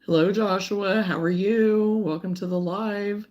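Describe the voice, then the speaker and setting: A woman hosting a casual crochet livestream, chatting warmly and reading out viewer comments, sometimes close to tears. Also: mid-range voice, steady tone, unhurried, few pauses. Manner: warm, emotional, reads viewer comments aloud.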